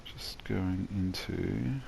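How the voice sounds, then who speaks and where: Tired male gameplay narrator with a deep, gravelly voice and an unhurried, meandering delivery, soft hiss in the background. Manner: rambling, halting, many restarts and fillers. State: tired, yawning. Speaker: gameplay commentator. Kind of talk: relaxed gameplay voice-over.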